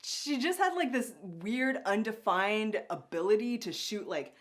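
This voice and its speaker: A young woman co-hosting a casual podcast, rambling and animated with lots of filler words. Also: medium pitch, a little slow. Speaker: podcast co-host reviewing a cartoon. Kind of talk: casual chat.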